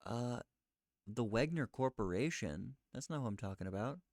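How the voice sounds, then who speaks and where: A man thinking aloud as he looks things up, questioning himself and reading search results aloud in a halting, muttering way. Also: mid-range voice, lively intonation, darkish tone, no echo, clean studio sound. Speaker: streamer researching live.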